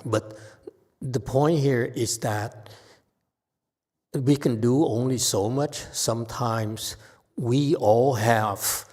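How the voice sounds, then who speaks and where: A man giving an informal Dharma talk as a Buddhist teacher, halting and often checking in with "okay?". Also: medium pitch, a little mellow. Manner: slow, halting, frequent "okay?" tags. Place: temple hall.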